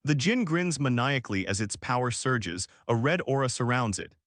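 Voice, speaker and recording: A man reads a scripted story recap at a middle pitch, his voice rising and falling in a lively way. He tells the action step by step and drops dramatic questions along the way. The sound is dry and close, with no room around it. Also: normal speed, no echo. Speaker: recap narrator. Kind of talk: scripted narration.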